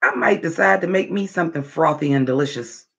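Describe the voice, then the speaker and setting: A man chatting casually to his viewers on a livestream, animated and profane, talking straight at them. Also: fairly high pitch, a little fast, creaky, husky. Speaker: livestream vlogger. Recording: dull lo-fi livestream audio.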